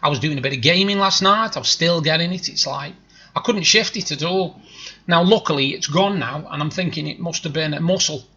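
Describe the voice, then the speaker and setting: A man with a thick Stoke-on-Trent accent rambles cheerfully to his viewers, self-deprecating and easygoing. His voice is bright and a little husky. The recording sounds slightly dull, like a cheap home microphone. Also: a little high, fairly quick. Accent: Stoke-on-Trent (Potteries). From Stoke-on-Trent, England. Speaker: vlogger. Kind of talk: casual chat to camera. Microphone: new desktop microphone.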